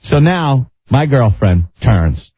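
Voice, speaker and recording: Husky, animated male radio storyteller. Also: medium pitch, slow pace, no room sound. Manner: animated, breaks into laughter, acts out the people in his story. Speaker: radio host. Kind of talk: casual storytelling on talk radio. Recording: lo-fi radio broadcast.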